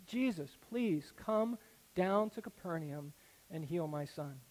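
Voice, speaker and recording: A man voicing a desperate father who begs for help for his dying son, speaking slowly and softly. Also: fairly high pitch, animated. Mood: pleading. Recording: echoey hall with long reverb.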